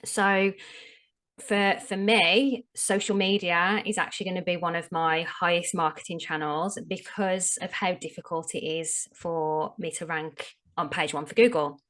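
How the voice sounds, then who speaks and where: A woman's voice: fairly low pitch, steady tone, unhurried, fairly bright tone. A woman explaining her field as a podcast guest in a frank, conversational way, stressing her key tips. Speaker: SEO strategist, podcast guest. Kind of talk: casual interview chat.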